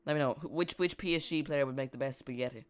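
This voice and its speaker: A man's voice: a little high, quick pace, clear, resonant tone. A man hosting a live football watch-along, rambling and joking with his chat while calling the play.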